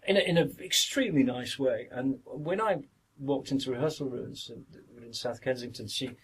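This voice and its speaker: A man's voice: medium pitch, moderate pace, slight background noise. A middle-aged man with a Yorkshire accent, a guest actor reminiscing through long anecdotes in a casual podcast interview.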